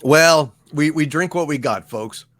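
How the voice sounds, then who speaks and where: A man hosting a casual livestream, reading super chats aloud and toasting his viewers in a halting way with many fillers. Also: a little high, fairly bright tone, no room sound. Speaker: livestream host.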